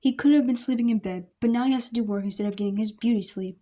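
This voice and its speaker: Amateur fan-fiction reader, woman, mellow voice, a bit high. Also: fast talker. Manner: plain, unpolished reading with small slips. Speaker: story reader. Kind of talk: reading fan fiction aloud.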